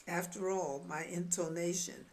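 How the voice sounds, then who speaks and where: A woman's voice: on the low side, steady tone, unhurried, a little mellow, slight background noise. A woman with a New York accent, reading her memoir aloud in a wry, storytelling way. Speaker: memoir author.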